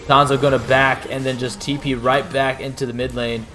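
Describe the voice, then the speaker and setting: A man giving excitable play-by-play commentary as an esports caster, rising to shouts at big plays. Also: medium pitch, normal speed, a little hiss or hum.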